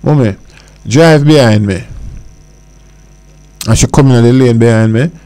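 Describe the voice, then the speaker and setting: A man's voice: medium pitch, a little slow, dark tone, clear, resonant tone. A man with a Jamaican accent, a guest on a radio show, telling a story in casual talk and laughing as he goes. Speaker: studio guest. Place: radio studio. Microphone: studio mic.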